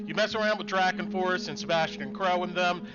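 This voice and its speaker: A man, the game master, calmly filling in story details during a casual recap. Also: sits high, brisk, noisy background. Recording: dull lo-fi mic with music behind.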